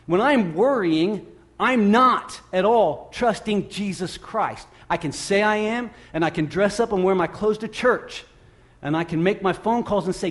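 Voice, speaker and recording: Conversational male preacher, slightly high voice. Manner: conversational, self-deprecating, with emphatic rises. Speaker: pastor. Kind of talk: sermon.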